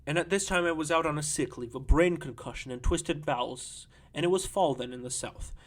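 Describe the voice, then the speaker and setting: A man's voice: on the high side, fairly quick, lightly acted. A man reading an audiobook, voicing a brash, drunken woman who rambles boisterously through her sordid story.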